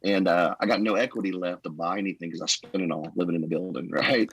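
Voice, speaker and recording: A man, a pastor, telling personal stories in a casual, animated podcast conversation and acting out what others said. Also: sits low, fast talker, husky, no room sound, low-quality recording. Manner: animated storyteller, acts out quotes. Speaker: guest.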